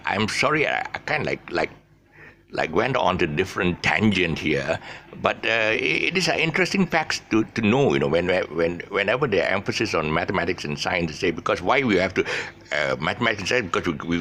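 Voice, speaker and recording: A man's voice: low voice, pushed and bright. A man with a Malaysian English accent giving a casual spoken English lesson, rambling with restarts and drawing out long words. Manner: rambling, many restarts and tangents; drawls out long words slowly. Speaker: English teacher, channel host.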